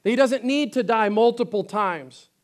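A male pastor preaching a sermon with emphasis, swinging between loud declarations and quiet, earnest stretches. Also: sits high, moderate pace. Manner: acts out scripture quotes.

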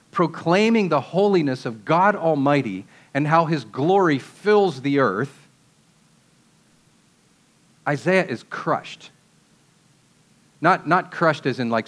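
A man's voice: fairly high pitch, fairly bright tone. A man preaching a sermon in a conversational way, asking rhetorical questions and dropping casual asides.

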